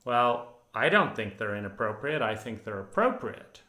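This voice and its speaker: A man's voice: lowish voice, very animated, normal speed, bright, forceful tone. A male therapist giving a sardonic monologue, acting out weary inner voices. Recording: roomy echo.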